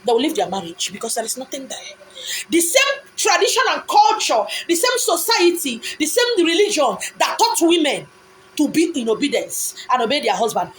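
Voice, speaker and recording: A woman's voice: high-pitched, big pitch swings, moderate pace, a little hiss or hum, rough recording. A woman with a Nigerian accent giving an impassioned, preachy monologue, full of rhetorical questions and insistent repetition. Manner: repetitive, insistent phrasing with pidgin asides.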